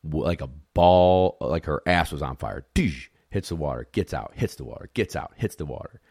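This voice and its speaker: A man who handles retriever dogs, telling a competition story in a casual, animated way, acting out the dogs and judges, blunt and swearing a little. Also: extremely low pitch, moderate pace, husky, dry recording, clean studio sound.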